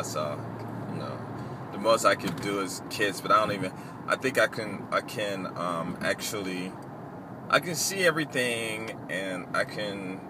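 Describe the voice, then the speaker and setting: A man casually telling a long story, rambling and halting, with many fillers and restarts. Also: low-pitched, background noise.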